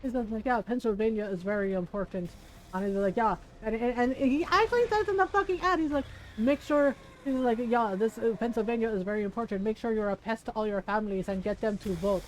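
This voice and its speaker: A fairly high-voiced woman talks freely while she plays a game. She laughs often and breaks into little acted-out impressions. Faint background noise sits under her voice. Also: fairly quick, rough recording. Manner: chatty, laughs often, animated mimicry. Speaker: streamer. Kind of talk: casual gaming stream chat.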